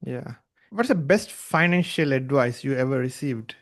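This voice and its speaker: A man hosting a business podcast, speaking haltingly with many filler pauses before asking his guest questions. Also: mid-range voice, expressive. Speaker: podcast host. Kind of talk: interview hosting.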